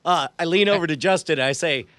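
A man's voice: a little high, quick pace, fairly bright tone, no room sound. A man playing a comedic tabletop game, rambling and hesitant, slipping into playful in-character bits. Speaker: player. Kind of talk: comedic tabletop role-play.

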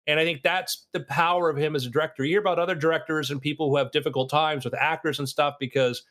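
A man who writes, chatting casually on a podcast, rambling and animated, slipping into quick impressions. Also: a little high.

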